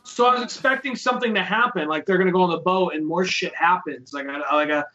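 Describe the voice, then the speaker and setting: A man's voice: high voice, fast, pushed and bright, lo-fi sound. A man chatting casually on a podcast, asking questions as he goes.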